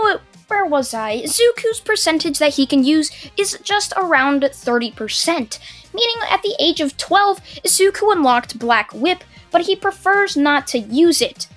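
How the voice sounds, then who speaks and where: A woman's voice: sits high, a bit bright. A teenage girl telling a fan-made anime story, rambling casually with lots of fillers and chatty asides.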